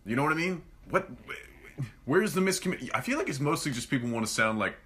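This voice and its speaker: A man's voice: a little high, animated, quick pace, sharp tone. Sarcastic young man ranting. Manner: sarcastic, exasperated ranting with mocking put-on voices. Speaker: comedy vine creator. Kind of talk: comedic rant monologue.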